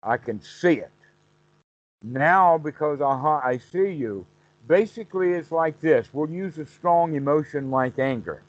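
A man's voice: a little high, animated, a little slow, no echo, highs cut off. A man teaching meditation on a call, explaining patiently and acting out the mind's inner self-talk in quotes.

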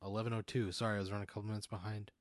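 A blunt corporate executive in a navy suit levels with a visitor, smooth and evasive, as a man puts him on. The voice is fairly low and dry, recorded close. He talks businesslike. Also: flat delivery, racing, no echo, natural voice.

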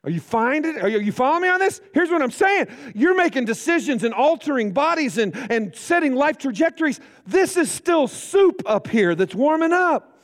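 A man's voice: extremely high pitch, sing-song, moderate pace. A middle-aged male pastor preaching a chapel sermon, joking and acting out the voices in his stories. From United States. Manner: storytelling, jokey, acts out quotes. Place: college chapel. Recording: reverberant hall.

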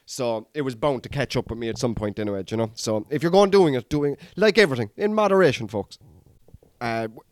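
A man's voice: medium pitch, expressive, brisk, dry recording, studio quality. An Irish man who hosts a comedy podcast, telling a rambling, sweary story and calling his listeners lads. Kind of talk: casual storytelling monologue.

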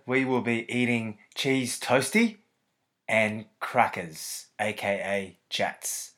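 A man hosts a casual food podcast, talking slowly and deliberately. His delivery is loud and hammy. His pitch sits in an ordinary middle range. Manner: loud, slow and hammy, with big showy laughs. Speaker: podcast host.

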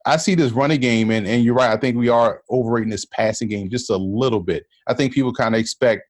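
A man as a podcast guest giving casual sports analysis, measured and repeating words as he thinks. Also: medium pitch, dry recording.

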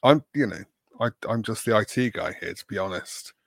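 A man's voice: on the low side, normal speed, creaky, breathy edge, dry recording, clean studio sound. A man from England co-hosting a casual podcast chat, rambling and self-deprecating with plenty of fillers. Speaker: podcast co-host.

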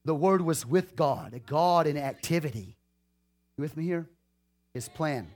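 A male preacher giving a lively sermon, turning to the people in the pews again and again to check that they are following. His voice sits a little higher than most men's. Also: a little slow. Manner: lively preaching, calls out to the congregation.

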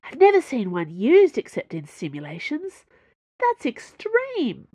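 A woman reads as an eager young engineer in a serialized audio story, her voice pitched up high and bubbling with glee. Each line bounces up and down with excitement, recorded dry and close. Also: measured pace, dry recording, dull audio. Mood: gleeful.

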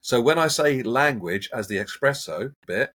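A man, a hypnotherapist, talking in a casual interview and acting out everyday examples in an animated, coaching way. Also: mid-range voice, moderate pace. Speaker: hypnotherapist guest.

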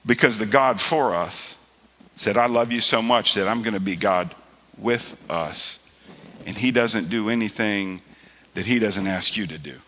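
Bright-voiced pastor preaching. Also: male voice, fairly low pitch, a little slow. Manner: preachy, rising to loud emphatic stretches. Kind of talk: sermon. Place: church sanctuary. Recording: reverberant church hall.

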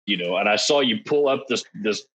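Man, podcast guest, rambling casual chat, husky low voice. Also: expressive, fairly quick, fairly bright tone, rough recording. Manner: rambling, restarts, laughs at the story.

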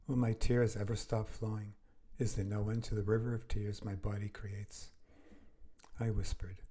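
A man with a low, husky, mellow voice reads a first-person grief memoir as a podcast host. His delivery is slow, measured and earnest, with an air of breath behind the words. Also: level tone.

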